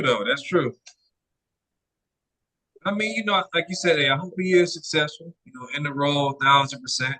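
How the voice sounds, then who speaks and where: A man co-hosting a casual talk podcast, relaxed and agreeable as he chimes in. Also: mid-range voice, rough recording. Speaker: podcast co-host. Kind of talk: casual chat.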